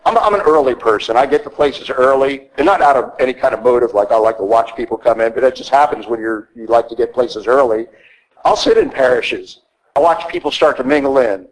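A man's voice: mid-range voice, brisk, low-quality recording. Blunt conversational man preaching a sermon. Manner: blunt, conversational preaching with frequent "okay?" asides. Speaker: priest. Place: church.

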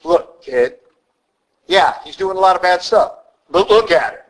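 A man's voice: high voice, lively intonation, unhurried, rough recording. A man voicing a stern king who lectures a boy in a condescending tone.

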